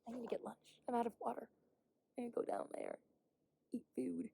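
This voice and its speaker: A woman's voice: a little high, wildly swooping pitch, a little fast, gravelly, dark tone, husky, dry recording. A young woman vlogging outdoors on a hike, rambling candidly, swearing often and sometimes dropping to a whisper. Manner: drops to a whisper at times. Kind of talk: casual vlog monologue. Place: outdoors on a hiking trail.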